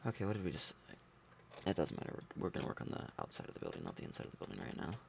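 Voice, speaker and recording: A man's voice: a bass voice, wildly swooping pitch, rapid-fire, vocal fry, lo-fi sound, a little hiss or hum. A man giving casual, rambling commentary while playing a video game, talking half to himself. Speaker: let's play host.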